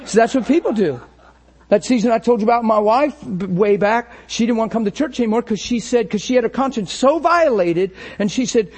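Male pastor, high voice, conversational sermon, acts out inner thoughts, laughs easily. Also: quick pace.

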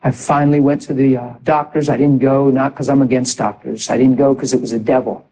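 A man preaching a sermon in an animated way, exhorting the congregation with asides. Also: medium pitch, a little fast, a little hiss or hum, poor audio.

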